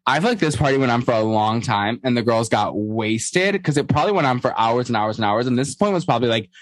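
A man's voice: mid-range voice, animated, quick pace, no echo. Man, playful podcast co-host, casual chat, dry close sound. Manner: chatty, playful, acts out people he quotes.

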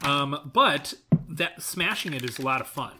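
A man's voice: fairly high pitch, lively intonation, unhurried, noisy background. A man co-hosting a casual chat over a video call from his home kitchen, riffing playfully and laughing often. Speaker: co-host.

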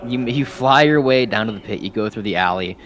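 A man's voice: fairly low pitch, a little fast. A man narrating a tabletop game as game master, casual and rambling with lots of fillers and swearing.

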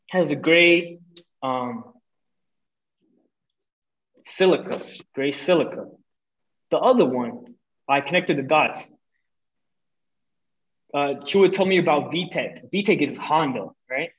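A man's voice: a little high, takes it slowly, pauses often. A young man on a podcast telling a personal story casually, swearing and acting out what people said. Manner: animated, swearing, acts out quotes. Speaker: podcast guest. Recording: dull lo-fi audio.

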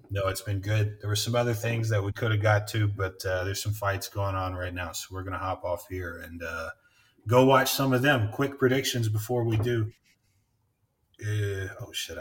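A man's voice: deep voice, distant mic, slight background noise. A man hosting a podcast, chatting casually and rambling, swearing often and laughing. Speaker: podcast host. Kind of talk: casual chat.

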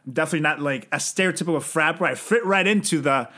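A man's voice: on the high side, quick pace, pushed and bright. A man co-hosting a podcast in casual chat, jokey and riffing with playful asides. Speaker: podcast co-host.

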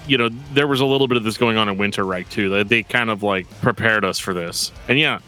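A podcast host with a lowish, pushed and bright voice talks fast and casually about metal records. He rambles, dropping in plenty of fillers and laughs in a laid-back way.

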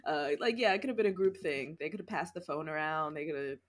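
A woman with a fairly low voice talks through her thoughts on a podcast. Her sentences wander and restart, padded with fillers, in an easy conversational tone. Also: expressive. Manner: rambling, halting, many fillers and laughs. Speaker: podcast co-host. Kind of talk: casual chat.

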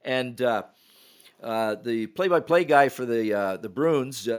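An older man from Canada, a retired hockey referee and podcast guest, telling stories in a lively way and acting out quotes. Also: mid-range voice, measured pace. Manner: animated storyteller acting out quotes. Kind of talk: podcast storytelling.

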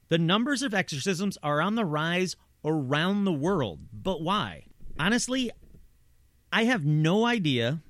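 A man's voice: high voice, fairly bright tone, dry recording, studio quality. A man narrating paranormal stories in a conversational way, with asides and rhetorical questions. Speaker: host. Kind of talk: true-crime style narration.

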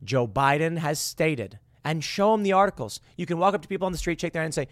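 A man giving sarcastic political commentary, mocking and animated, who jumps between loud outbursts and quiet asides. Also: a little high, quick pace, no room sound, studio quality.

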